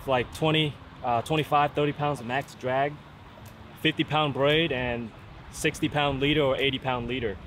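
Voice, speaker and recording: A man's voice: medium pitch, a bit bright. A man talking casually to viewers from a fishing pier, explaining his gear in an easy-going way and often saying "man". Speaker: fishing vlogger. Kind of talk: casual outdoor fishing vlog. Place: outdoors on a fishing pier in rain and wind. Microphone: camera-mounted mic. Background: wind, rain and outdoor ambience.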